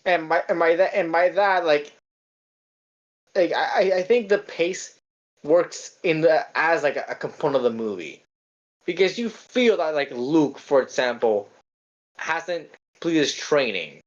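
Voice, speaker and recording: A podcast co-host talks through a film casually at a measured pace, circling his point with repeated false starts and the occasional swear. The audio sounds dull and lo-fi, as though the highs were trimmed away.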